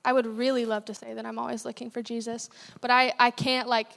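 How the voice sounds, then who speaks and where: A young woman with a slightly high voice gives a sermon in a church, talking plainly and candidly and breaking off into asides. Her voice rings out in a long, hall-like reverb. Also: level tone, fairly quick, creaky, fairly bright tone. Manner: candid, conversational preaching with asides and self-corrections. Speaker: guest speaker. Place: church sanctuary.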